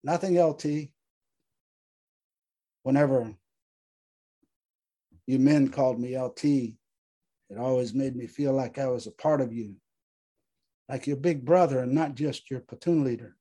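A man's voice: mid-range voice, unhurried, pauses often, warm tone, lightly acted. A man voicing a haunted male veteran platoon leader who pleads, grieves and snaps in anger. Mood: mournful. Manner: pleading, exasperated, grief-stricken.

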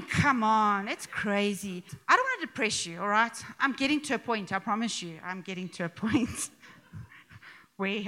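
At a church gathering, a middle-aged woman preaches in a relaxed, chatty way, weaving humor and side remarks into her message as though among friends. Her voice sits a bit high, bright and forceful, and her delivery is lively.

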